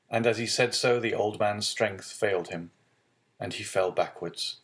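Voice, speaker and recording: A man narrating a classic novel as an audiobook, in a steady, measured reading. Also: lowish voice. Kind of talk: scripted narration.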